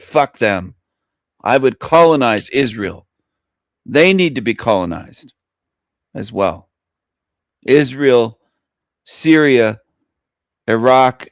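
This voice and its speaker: Man, talk show host, boastful taunting rant, mid pitch, dry close sound. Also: no room sound. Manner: boastful, taunting, laughs at own lines. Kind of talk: provocative monologue rant.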